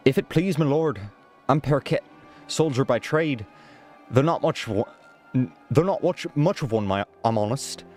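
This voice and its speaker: A man voicing a rough-spoken male soldier for hire in a put-on Irish accent, halting and stumbling over his lines. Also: mid-range voice, expressive, darkish tone, soft background music, natural voice. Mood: blunt.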